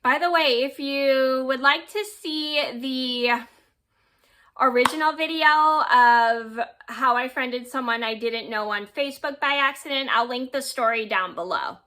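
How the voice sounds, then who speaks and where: A woman's voice: high-pitched, a little slow, bright, forceful tone. A woman in her twenties, a vlogger, casually telling a personal story to camera, rambling and quoting what people said. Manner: rambling retelling with quoted dialogue and yada yada.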